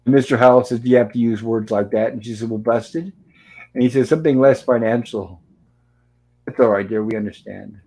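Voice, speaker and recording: A man's voice: mid-range voice, a little fast, warm tone, breathy edge, low-quality recording. A man hosting a show, casually retelling old TV episodes scene by scene, reading the characters' lines aloud and adding dry asides. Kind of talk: casual recap and commentary.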